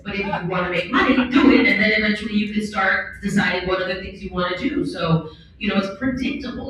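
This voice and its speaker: A woman speaking candidly and bluntly on a conference panel, with an animated way of talking. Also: lowish voice, dull audio, slight background noise. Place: large event hall on a stage. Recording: echoey hall from far off.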